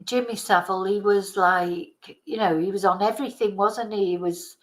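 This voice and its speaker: A woman's voice: mid-range voice, steady tone, moderate pace, low-quality recording. A woman hosting a casual chat, rambling and exclaiming as she reacts to old videos. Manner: chatty, rambling, exclaiming in disgust. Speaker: channel host.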